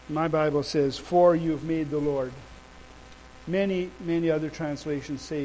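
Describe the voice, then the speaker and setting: A male preacher delivering a sermon and telling a story in an animated, emphatic way. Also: on the high side, unhurried, slight background noise, low-quality recording.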